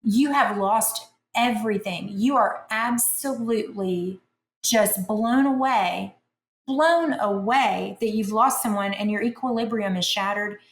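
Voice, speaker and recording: Woman author, podcast guest, animated chatty storyteller, average pitch, echoey room. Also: unhurried. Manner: chatty, animated, self-deprecating humor. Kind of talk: conversational storytelling.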